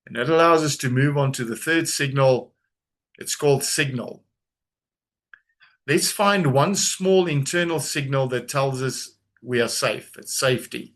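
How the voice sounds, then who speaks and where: Calm man guiding a grounding exercise. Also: mid-range voice. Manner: slow, calm, soothing instructions with long pauses. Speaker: trauma coach leading a webinar. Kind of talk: guided breathing and grounding exercise. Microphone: video call.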